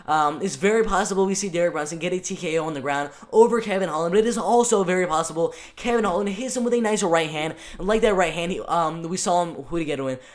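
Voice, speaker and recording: A young man hosting his own fight-prediction channel, talking casually and excitedly with lots of ums and restarts. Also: high voice, fast talker, few pauses. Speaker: MMA channel host.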